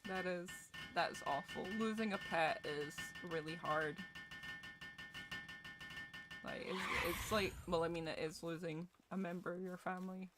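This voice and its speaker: A woman's voice: lowish voice, fairly even intonation, measured pace, over music. A young Scottish woman streaming a game, joking and swearing as she chats with her viewers. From Scotland. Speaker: gaming streamer. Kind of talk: casual game commentary with chat.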